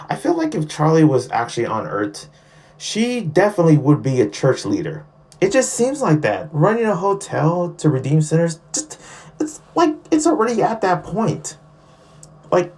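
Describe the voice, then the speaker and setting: A man reviewing a show in casual podcast talk, chatty and excitable, who often breaks into playful impressions. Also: fairly high pitch.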